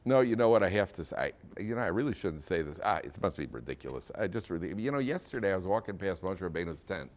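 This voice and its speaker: A man's voice: deep voice, big pitch swings, fast talker, few pauses, pitched below the performer's own voice. A man acting out a hesitant, scheming gossip. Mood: feigned reluctance. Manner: hesitant, stammering, coy. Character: scheming man spreading gossip, feigning reluctance.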